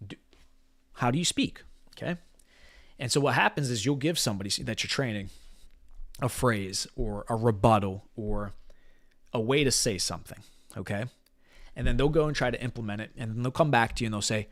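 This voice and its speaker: A man's voice: medium pitch, normal speed, pauses often, no room sound, clean studio sound. A man acting as a business mentor, giving a blunt motivational talk full of profanity and emphatic repetition.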